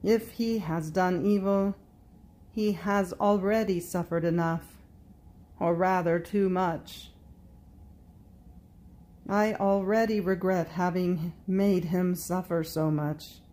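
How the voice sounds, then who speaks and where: A woman voicing Pilate, a wavering Roman governor, as he questions and pleads in a slow, measured way. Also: on the low side, mellow. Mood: pleading.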